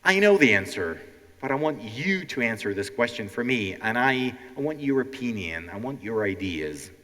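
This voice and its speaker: Lively animated man teaching in a hall. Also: mid-range voice, normal speed. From Ukraine. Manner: animated, teacherly, keeps checking in with "okay?". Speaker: language teacher and show host. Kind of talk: live educational stand-up with audience. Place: large hall before a live audience. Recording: long hall reverb.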